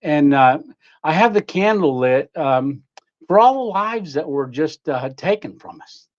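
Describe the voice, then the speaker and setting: A man's voice: fairly high pitch, expressive, a little slow, dull audio. Chatty man hosting a home livestream. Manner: chatty, greets viewers by name, frequent fillers and laughs. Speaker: livestream host. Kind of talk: casual live-stream chat. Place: home room.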